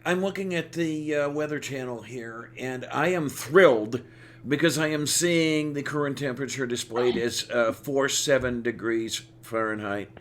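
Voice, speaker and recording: A man chatting cheerfully and wryly in a group video chat, pausing on fillers as he goes. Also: medium pitch, fairly bright tone.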